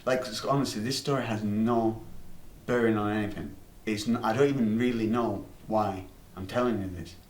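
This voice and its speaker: A man's voice: on the low side, steady tone, normal speed, a little mellow. Man, rambling comic storytelling, lots of swearing and fillers, roomy room, distant mic. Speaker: comedy storyteller.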